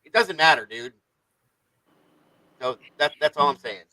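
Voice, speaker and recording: A man's voice: a little high, lively intonation, measured pace, bright, forceful tone, no room sound, poor audio. A man hosting a casual livestream chat, talking bluntly and swearing often. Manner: blunt, profane, defensive. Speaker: livestream host.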